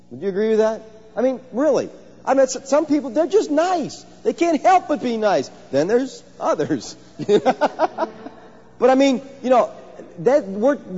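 A man's voice: a little high, mellow, slightly rough. A man, a pastor, preaching a conversational sermon and telling stories to his congregation. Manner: conversational, storytelling, asks the congregation questions. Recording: dull, lo-fi sound with long hall reverb.

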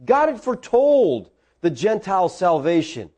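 A man preaching a sermon in a high, very lively voice. He acts out the people of the story as he tells it. His pitch swings widely all through. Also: a little slow.

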